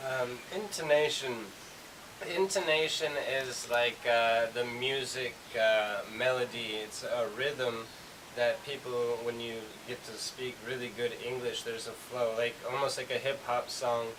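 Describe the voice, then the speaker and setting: A man teaches an English lesson, explaining in a loose, rambling way with plenty of fillers. His pitch sits in the middle range. The recording is hissy, with the mic set some distance away. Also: fairly even intonation, unhurried.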